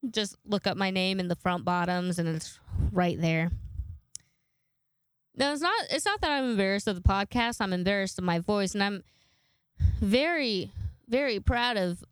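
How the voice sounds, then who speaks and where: A woman's voice: medium pitch, measured pace, pauses often, clear, resonant tone, no room sound, clean studio sound. A young woman hosting her own podcast, telling stories in a casual, self-deprecating way with lots of fillers and laughs. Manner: chatty, giggly and self-deprecating, with many fillers. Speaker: podcast host. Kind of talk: casual solo podcast chat.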